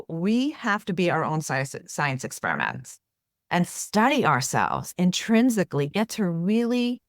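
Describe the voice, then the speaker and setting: A woman's voice: lowish voice, no room sound, clean studio sound. A woman therapist speaking as a guest in an interview, explaining earnestly and often checking in with "right?". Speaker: therapist and author, podcast guest. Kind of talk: conversational interview.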